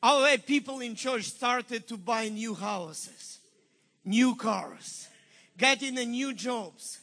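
A man with a Ukrainian accent preaching a sermon, telling a story in an animated, emphatic way. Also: very high voice, slow. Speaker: pastor.

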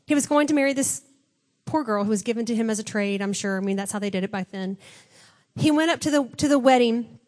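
A woman preacher giving a chatty, conversational sermon, retelling a story with lively acted-out quotes. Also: fairly high pitch, fast.

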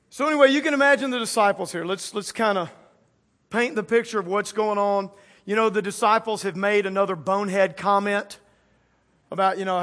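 Preaching a lively sermon to a live congregation, this male pastor has a high, bright, ringing voice. He jokes with the crowd and playfully voices the people in his story.

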